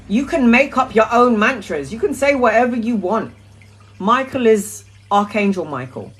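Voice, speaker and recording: A talkative woman hosting a casual spiritual live stream, her voice sitting at an ordinary middle pitch. She chats loosely with plenty of ums and uhs, then drops into soft, repeated mantra chanting that fades lower. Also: animated, normal speed, a little hiss or hum. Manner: talkative, with frequent um and uh. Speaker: spiritual live-stream host answering questions.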